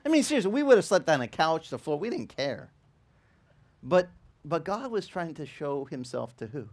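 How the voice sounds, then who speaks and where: A male pastor telling a lively story in a sermon, acting out the people in it and laughing as he goes. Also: on the high side, fairly quick. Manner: animated, acts out quoted voices, laughs while telling. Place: church in Hawaii.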